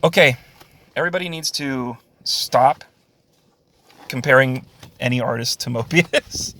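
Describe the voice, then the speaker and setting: A man's voice: mid-range voice, measured pace, pushed and bright. A man giving a casual spoken review of a comic book, sarcastic, with frequent sighs, short laughs and fillers.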